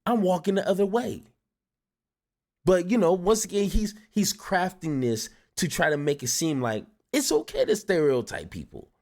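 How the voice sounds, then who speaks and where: A man's voice: a little high, huge pitch swings, normal speed, few pauses, a little mellow. A man hosting a reaction video, giving casual, exasperated commentary with sighs and restarts. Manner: exasperated, sighing asides with many restarts.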